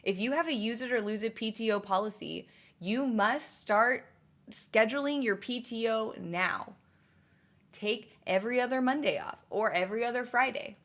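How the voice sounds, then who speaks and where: A woman's voice: on the high side, normal speed, a bit bright. Rambling woman streamer chatting with viewers. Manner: rambling, answers chat messages, many fillers and restarts. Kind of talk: casual livestream chat.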